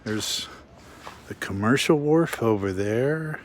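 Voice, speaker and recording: A man's voice: mid-range voice, lively intonation, slow, a little hiss or hum. A man hosting a casual walking vlog outdoors along a waterfront, giving chatty, joking tour-guide commentary. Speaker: vlog host.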